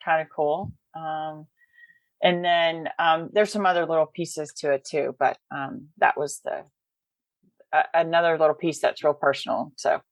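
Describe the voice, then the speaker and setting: A chatty woman with a Southern US accent, her voice sitting on the low side. She talks casually, full of ums and ready laughter, recorded close and dry. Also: steady tone, unhurried, dry recording. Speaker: recovery podcast participant. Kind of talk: casual chat.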